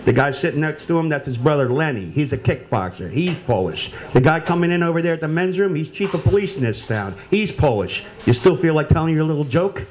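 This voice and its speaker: A man voicing a gruff, warning bartender inside a joke, his tone low and steady. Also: fairly quick, hardly any pauses, a little hiss or hum.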